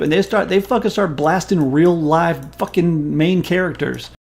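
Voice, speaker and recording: A man in his forties, a stream host, telling a story in casual chat in an animated, profane and emphatic way. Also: a little high, moderate pace, creaky.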